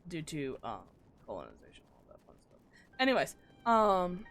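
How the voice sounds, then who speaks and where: A woman's voice: lowish voice, wildly swooping pitch, moderate pace, a bit bright, faint music behind. An American woman chatting casually and joking at her own expense while live-streaming a game. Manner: chatty, rambling, self-deprecating jokes.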